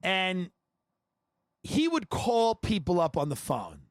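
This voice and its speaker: A man's voice: high voice, wildly swooping pitch, slow, no room sound. A man hosting a podcast, telling rambling comic anecdotes and breaking into laughter. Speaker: podcast host. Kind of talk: comedic storytelling.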